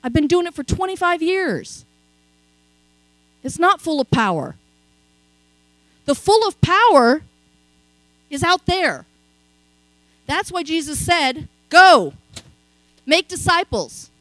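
High, lively woman preaching a sermon. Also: no echo, low-quality recording. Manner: conversational storytelling, frequent "okay?" asides.

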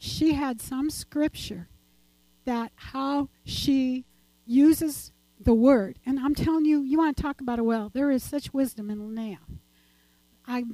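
A woman's voice: high-pitched, dark tone, no room sound, rough recording. An older woman giving a chatty, rambling church talk and personal testimony, laughing often as she goes.

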